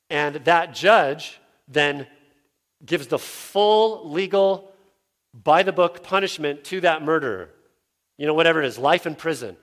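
A pastor delivers an earnest expository sermon. His voice sinks low and quiet when he reads scripture and climbs when he gives voice to objectors.

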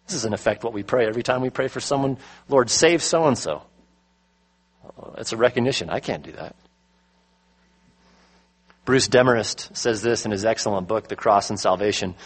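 A middle-aged man preaching a sermon, slowing down to stress his key words. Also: medium pitch, rough recording. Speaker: pastor.

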